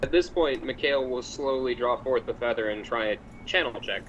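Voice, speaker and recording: A man playing a tabletop game, describing his character's actions in a hesitant, halting way. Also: medium pitch, fairly bright tone, a little hiss or hum, poor audio. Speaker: player.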